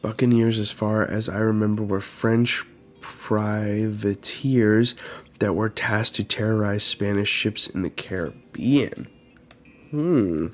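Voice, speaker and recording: Slow, low-voiced man thinking aloud. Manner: thinks aloud, dismayed sighs. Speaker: manga reaction host. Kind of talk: live reading and reaction.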